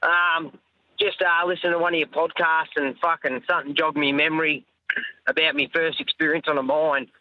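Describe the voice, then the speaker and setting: An Australian man in his thirties tells a yarn over the phone in a relaxed, sweary way. His voice sits a little high. The line is dry and muffled. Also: normal speed, no room sound. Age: 30s. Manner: laid-back storytelling, swears freely. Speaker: caller. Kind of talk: phoned-in voice message. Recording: dull-sounding phone line.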